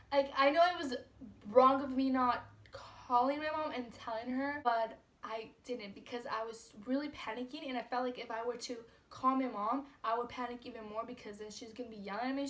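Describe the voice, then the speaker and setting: A young woman vlogger with a high-pitched, fairly bright voice tells a personal story. Her storytime is casual and full of fillers like "like" and "you know."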